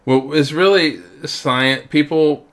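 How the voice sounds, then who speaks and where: A middle-aged man co-hosting a casual podcast, rambling and halting with fillers. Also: fairly high pitch, fairly bright tone. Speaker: podcast co-host. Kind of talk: casual chat.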